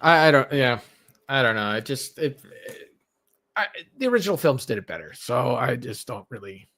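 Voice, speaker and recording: A man's voice: medium pitch, big pitch swings, pushed and bright. Guy rambling on a podcast, lots of restarts, plain mid voice. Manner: rambling, halting, many restarts. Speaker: podcast co-host. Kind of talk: casual chat about movies.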